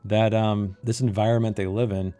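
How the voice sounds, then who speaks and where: A man's voice: lowish voice, level tone, moderate pace, mellow, clean tone. A man reviewing a novel in a critical monologue, emphatic and fond of repeating key phrases for effect. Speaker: book reviewer.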